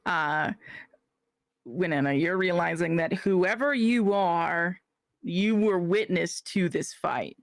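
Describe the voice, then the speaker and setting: A woman game master narrating a tabletop game in a deliberate, halting way. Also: on the low side, no room sound.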